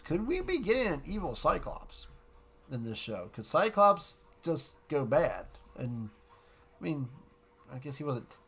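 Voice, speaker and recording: A man casually recapping and reviewing a cartoon episode, rambling and excited, dropping quick quotes of the characters. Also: a little high, breathy edge.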